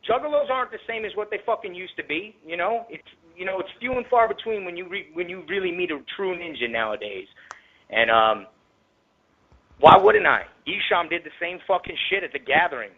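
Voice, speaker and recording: A man guesting on a radio show, telling a rambling story with lots of profanity in a casual, animated way. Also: high voice, a little fast. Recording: tinny phone line.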